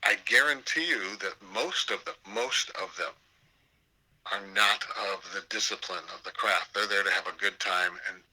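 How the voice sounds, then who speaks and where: An older man telling theater anecdotes in an interview. His voice sits low but comes across bright and forceful as he gets animated. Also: moderate pace, rough recording. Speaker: theater professor. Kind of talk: storytelling interview over a call.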